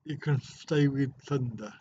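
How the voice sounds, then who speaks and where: A middle-aged man jokes and chats casually while fielding viewer comments on a livestream he hosts from a hotel room. His medium-pitched voice is dark-toned and slightly rough, at a measured pace, on dull lo-fi livestream audio.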